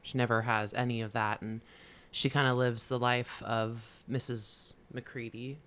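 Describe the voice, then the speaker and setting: A man's voice: medium pitch, little pitch movement, measured pace, sharp tone. A man co-hosting a casual book podcast. He rambles through his ideas with many restarts and gets emotional as he talks. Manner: emotional, gets choked up while retelling. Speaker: podcast co-host.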